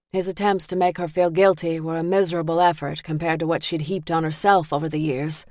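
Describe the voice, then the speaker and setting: A woman narrating a suspense audiobook in a measured, even voice. Her voice sits fairly low. The recording is close and dry, from a booth. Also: dry recording.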